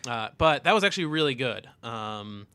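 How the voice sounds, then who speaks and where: A man's voice: medium pitch, very animated, moderate pace, bright, forceful tone, clean tone, dry recording. A young man, a guest on a casual comics podcast, talking hesitantly with many fillers and trailing-off restarts. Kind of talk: casual chat about comics.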